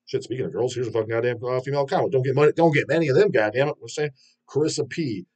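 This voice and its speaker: Husky dude ranting on his metal channel, cussing nonstop, kinda scornful. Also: mid-range voice, very fast, darkish tone. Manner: profane, rambling and scornful. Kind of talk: casual ranting vlog.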